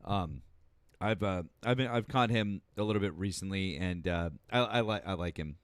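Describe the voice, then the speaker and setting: Low-voiced, halting male stream host. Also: clear, resonant tone, dry recording. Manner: halting, many fillers and restarts, swears freely. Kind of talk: casual chat.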